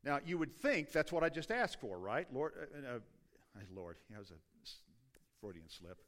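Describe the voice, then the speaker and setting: A middle-aged man preaching a sermon from the pulpit. He talks in a conversational, self-deprecating way, breaking off and restarting his sentences as he goes. His voice sits at an ordinary, mid-range pitch. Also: sing-song, normal speed, fairly bright tone. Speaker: pastor.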